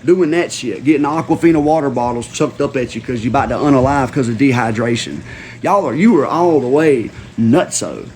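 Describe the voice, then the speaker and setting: A man's voice: medium pitch, a little fast, darkish tone, a little hiss or hum. A man hosting a livestream, delivering a heated, profane rant full of slang and repeated lines for emphasis. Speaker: livestream host.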